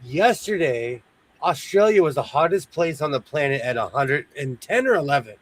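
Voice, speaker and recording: A man's voice: fairly high pitch, moderate pace. A man chatting casually on a video stream, telling stories and joking. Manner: animated storyteller, jokey. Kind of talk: casual chat.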